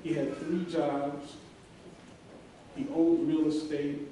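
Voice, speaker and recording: A middle-aged man giving a graduation speech in a large hall, telling a story earnestly with many pauses and fillers. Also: fairly high pitch, flat delivery, mellow. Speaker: commencement speaker. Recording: very echoey hall, voice from far off, faint hiss.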